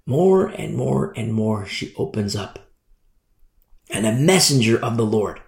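A man's voice: on the low side, animated, unhurried, vocal fry, a little mellow. A man preaching a sermon, emphatic and fond of repeating phrases for effect. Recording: echoey room.

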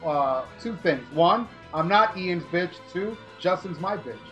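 A man with a notably high speaking voice hosts a loose, chatty music podcast. He wanders from tangent to tangent, swears freely, and ribs his co-hosts. Faint music sits behind him. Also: lively intonation, unhurried, bright, forceful tone, lo-fi sound. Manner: rambling, profane, joking. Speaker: podcast host. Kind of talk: casual music review chat.

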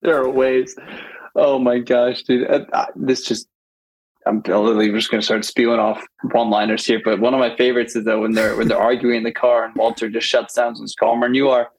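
A man's voice: medium pitch, flat delivery, brisk, slightly rough, low-quality recording. A man co-hosting a podcast, chatting casually and enthusiastically about a film, rambling and laughing as he goes. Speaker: podcast co-host.

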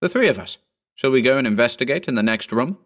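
A man's voice: medium pitch, lively intonation, fast talker, a bit bright, pitched above the performer's own voice, natural voice. A man reading a ghost story, voicing a nervous, eager traveller with a raised voice. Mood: urgent. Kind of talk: audiobook character voice.

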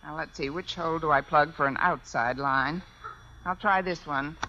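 A woman's voice: deep voice, moderate pace. An actress in a 1950s radio sitcom playing a dry, wisecracking schoolteacher working a switchboard. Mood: wry. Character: wisecracking, sarcastic woman schoolteacher. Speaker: English teacher. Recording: dull old radio broadcast, loud hiss.

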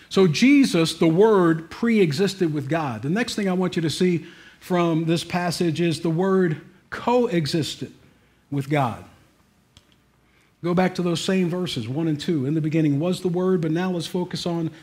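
A man with a notably high voice delivers a forceful sermon from the pulpit. He swings between loud, driving declarations and sudden hushed stretches. He keeps pulling amens from the congregation. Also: a little slow. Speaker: preacher.

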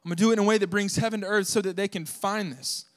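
A young male pastor from the southern United States delivering a sermon to his congregation. His voice sits high for a man. He preaches with animated energy, cracking jokes and pushing his voice up into shouts to drive a point home. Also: very fast. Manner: animated, joking, voice rises to shouts for emphasis.

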